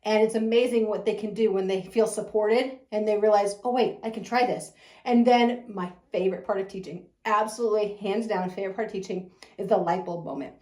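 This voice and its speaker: Here a preschool owner and teacher describes her school with gushing, effusive enthusiasm and frequent laughs. Her mid-range voice is steady, a little mellow and fairly quick, heard in an echoey room.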